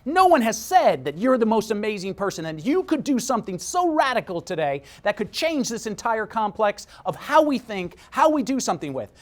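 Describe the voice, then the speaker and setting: Lively middle-aged man giving a motivational talk. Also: fairly quick, hardly any pauses. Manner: storytelling with lively swings in pitch and loudness. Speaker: speaker. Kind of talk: motivational speech.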